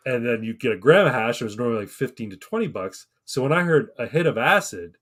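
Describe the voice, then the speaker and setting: A man in his thirties talks on a casual podcast, rambling and swearing freely as he tells a story. His voice sits in an ordinary middle pitch, and he slips into the voices of the people he quotes. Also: expressive, fast, fairly bright tone. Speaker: podcast co-host.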